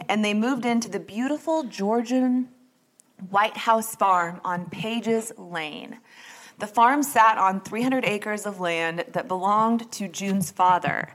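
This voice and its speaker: A woman's voice: mid-range voice, a bit bright. A woman hosting a true crime podcast in a casual, chatty way, rambling a little and correcting herself as she goes. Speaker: podcast host.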